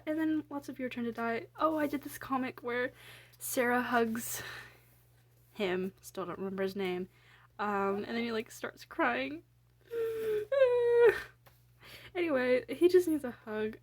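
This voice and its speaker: A young woman with a voice pitched a bit high talks through her sketches in a loose, rambling way. She fills pauses with ums and likes, puts her own drawings down, and swears casually. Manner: chatty, filler-heavy, self-deprecating, swears casually. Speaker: artist showing her sketchbook.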